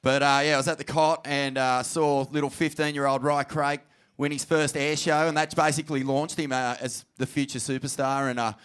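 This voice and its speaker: A man's voice: medium pitch, level tone, a little fast, a bit bright, clean tone. A man with an Australian accent, co-hosting a live comedy podcast, rambling loosely with lots of fillers. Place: live show in a pub.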